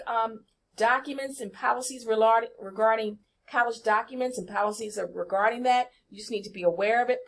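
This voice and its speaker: A woman, walking students through college rules in an emphatic, chatty lesson that speaks to them directly. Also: on the high side. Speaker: college orientation presenter. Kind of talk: screen-share walkthrough lesson.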